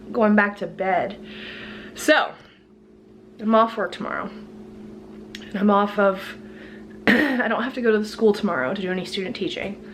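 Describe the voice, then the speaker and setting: A woman's voice: medium pitch, unhurried, pauses often, a little hiss or hum. A woman chatting casually through her grocery haul at home, chatty and worn out from being sick. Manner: chatty, lively price rundown, frequent laughs. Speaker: vlogger.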